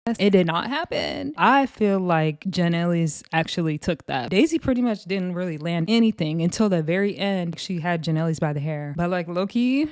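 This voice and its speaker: A woman recapping a reality TV episode in a chatty, gossipy way, full of slang and quick reactions. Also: fairly low pitch, a little mellow, clean tone, dry recording, studio quality.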